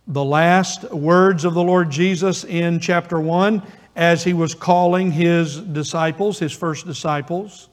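A man preaching a sermon as pastor, earnest and emphatic, with pauses for weight. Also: a little high, fairly even intonation. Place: church. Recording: long reverb of a church hall.

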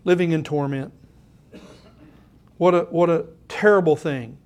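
An older pastor delivers a sermon in a notably high voice. He talks to the congregation casually, then reads scripture with rising emphasis. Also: measured pace, darkish tone. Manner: conversational preaching that swells into emphatic scripture reading.

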